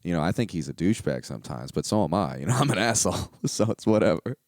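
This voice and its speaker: A man's voice: deep voice, animated, fast talker, darkish tone, no room sound, studio quality. A young man hosting a solo podcast, talking in a rambling, candid, profane way with lots of fillers. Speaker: podcast host. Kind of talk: casual solo podcast monologue.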